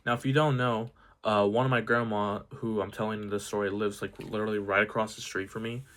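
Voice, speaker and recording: A man's voice: fairly low pitch, little pitch movement, fairly quick, a bit bright. A young man telling a personal story in a casual, rambling way, full of "like" and "dude". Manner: rambling, filler-heavy, says "like" and "dude" a lot. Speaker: vlogger.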